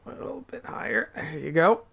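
A man's voice: sits high, lively intonation, fairly quick, vocal fry, a bit bright, slightly rough. Teasing man coaching a gamer. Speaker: co-host. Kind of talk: casual gameplay commentary.

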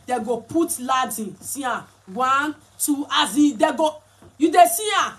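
A woman's voice: sits high, lively intonation, unhurried, fairly bright tone. A woman with a Nigerian accent chatting casually as a vlogger while explaining and showing clothes. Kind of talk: casual chat.

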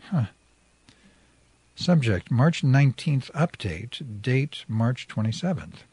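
A man's voice: medium pitch, big pitch swings, slow pace, darkish tone, husky, dry recording. A man, a radio host, reading a first-person story chapter aloud in a dry, wry narrating voice.

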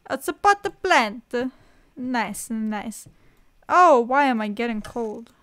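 A woman's voice: a little high, expressive, slow, a bit bright. A young woman giving casual horror gameplay commentary, joking, sarcastic and swearing freely. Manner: swears a lot, jokey and sarcastic. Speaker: let's play gamer.

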